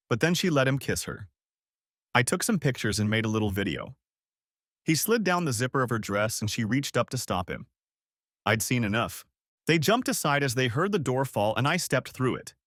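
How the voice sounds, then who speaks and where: A man narrating a dramatic first-person story, expressive and bitter. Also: mid-range voice, no echo, studio quality.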